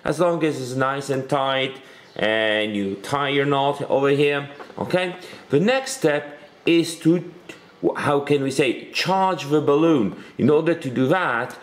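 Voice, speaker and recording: A man's voice: medium pitch, slow pace. Guy teaching a science class from home, patient, explains step by step, keeps asking "okay?". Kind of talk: recorded online science lesson. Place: room at home with a bookshelf.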